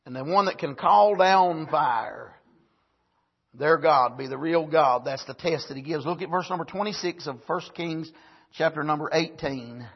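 A man preaching a sermon, husky, punctuating points with amens and building to emphatic, rising bursts. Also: a little high, measured pace, highs cut off. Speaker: pastor.

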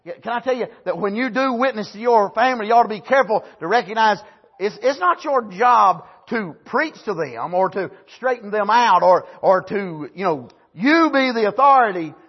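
This animated preacher has a high, slightly husky voice and moves at a normal speed between loud exclamations and hushed remarks, punctuated by amens. The sermon comes through on a muffled, low-fidelity recording.

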